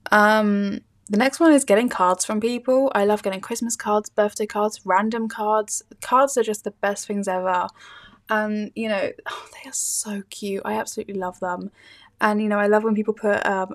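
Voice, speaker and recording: A young woman from the UK with a British accent, hosting her own podcast episode in a casual, gushing solo chat full of fillers. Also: mid-range voice. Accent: British English. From United Kingdom. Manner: chatty, gushing, many fillers and little laughs. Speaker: podcast host.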